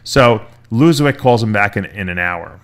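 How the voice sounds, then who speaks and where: A man with a lower-pitched voice hosts a casual talk, retelling a long story. He rambles, restarts himself and slips into quoted lines from the people in it. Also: lively intonation, unhurried, fairly bright tone. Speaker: podcast host.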